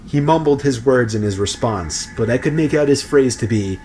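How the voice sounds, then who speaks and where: A man giving a scripted, steady narration of a creepy story. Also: lowish voice, normal speed, few pauses, a little hiss or hum.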